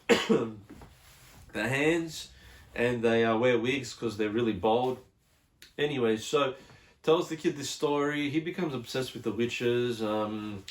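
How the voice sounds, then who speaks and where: A man talks casually through an unboxing of a film he loves. He rambles, circles back on his words and fills the gaps with ums. His voice sits at an ordinary middle pitch. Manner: rambling, with many fillers and restarts. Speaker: collector reviewing a film release.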